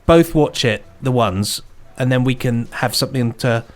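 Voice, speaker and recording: A man's voice: medium pitch, normal speed, soft background music. A man co-hosting a podcast in casual, rambling, enthusiastic chat. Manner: rambling, enthusiastic, hums theme tunes. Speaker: podcast co-host.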